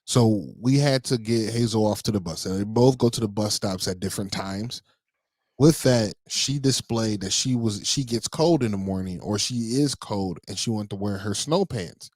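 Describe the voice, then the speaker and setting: A man co-hosting a podcast, telling parenting stories in a relaxed, rambling way full of fillers. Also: lowish voice, moderate pace, no room sound. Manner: relaxed storytelling with many fillers. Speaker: podcast co-host. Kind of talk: casual chat.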